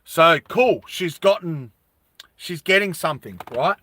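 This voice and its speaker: Bright-voiced man telling a rambling story. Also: on the high side, expressive, a little slow. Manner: chatty and rambling. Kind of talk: casual storytelling to a live chat.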